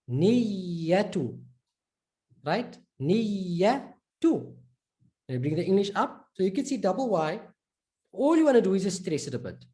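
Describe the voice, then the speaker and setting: A man teaching a recorded lesson, patiently repeating example words slowly and drawn out, with casual "right?" and "okay" check-ins. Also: high voice, warm tone. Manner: informal, fillers like "right?" and "okay".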